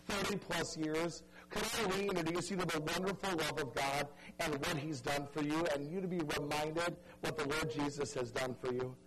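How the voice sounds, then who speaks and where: A man preaching a sermon, telling a story dramatically and pleading earnestly with his listeners, dropping soft and stretching key words for emphasis. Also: a little high, low-quality recording. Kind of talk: evangelistic sermon.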